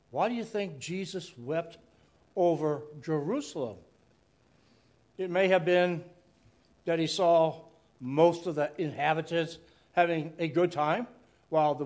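A man preaching a sermon in a slow, earnest, reflective way, asking rhetorical questions. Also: fairly high pitch, a little mellow.

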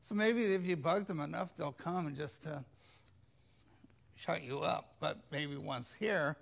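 A man's voice: on the high side, unhurried, gravelly. A man preaching a sermon, retelling scripture in a conversational way and mimicking pleading voices. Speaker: pastor.

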